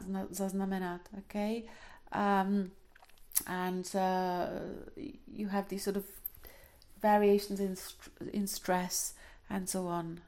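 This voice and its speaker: A woman lecturing to a class in an unhurried, explanatory way. Her voice sits at a middling pitch. She fills pauses with "uh" and "um" and often checks understanding with a quick "okay?". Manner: explains step by step, ends points with a checking "okay?"; frequent fillers and restarts. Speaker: linguistics lecturer.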